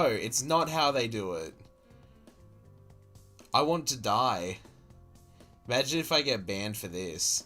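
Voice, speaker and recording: A man's voice: medium pitch, expressive, slow pace, pauses often, pushed and bright, soft background music. A man with an Australian accent giving a profane, exasperated running commentary as a streamer reacting to a video. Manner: exasperated, sweary, incredulous.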